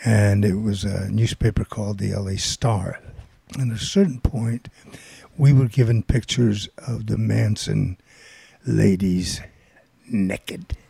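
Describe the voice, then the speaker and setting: Older male storyteller, raspy and mellow, dry close sound, animated delivery. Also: lowish voice, takes it slowly, no room sound. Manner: rambling, animated storytelling with quoted voices. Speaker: guest storyteller. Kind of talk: casual anecdote telling.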